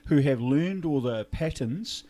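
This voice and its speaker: A man with a New Zealand accent hosting a casual chat podcast, relaxed and mixing in Māori phrases. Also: medium pitch, a little slow. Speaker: podcast host.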